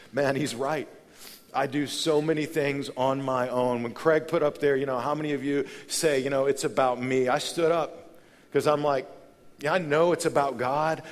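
A man preaching at a conference, candid and conversational, moving from hushed reflection to loud, animated storytelling. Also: mid-range voice. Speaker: pastor. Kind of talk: conference sermon. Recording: long hall reverb.

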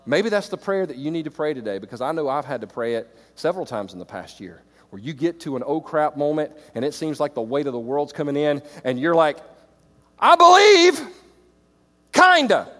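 A middle-aged man preaching to church leaders, animated, swinging between loud exclamations and quiet reflective stretches. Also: on the high side, quick pace, hardly any pauses. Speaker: pastor. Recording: reverberant hall.

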